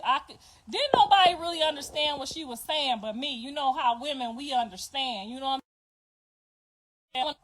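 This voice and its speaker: A middle-aged woman, telling a story loudly and animatedly as a podcast host, swearing freely. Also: sits high, poor audio. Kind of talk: casual storytelling.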